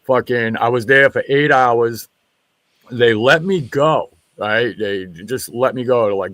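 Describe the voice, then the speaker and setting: A man, a former military police officer, swearing freely in an animated story that acts out what each person said. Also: medium pitch, unhurried, no room sound. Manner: profane, animated retelling with quoted dialogue. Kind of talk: casual storytelling in a group chat.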